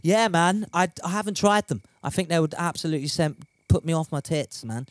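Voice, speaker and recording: A young man talking loosely through a game stream, reading viewers' messages aloud between moves. He swears freely and laughs at his own slips, and his voice sits a little high for a man. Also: brisk, no echo. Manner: chatty and sweary, laughs at himself. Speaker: gaming streamer.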